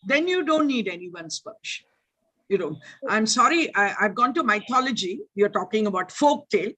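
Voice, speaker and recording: Forceful older woman with an indian accent. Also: on the high side, husky. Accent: Indian English. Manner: animated, teacherly, checks listeners with "right?". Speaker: lecturer. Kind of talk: online lecture Q&A. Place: online video meeting. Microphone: video call.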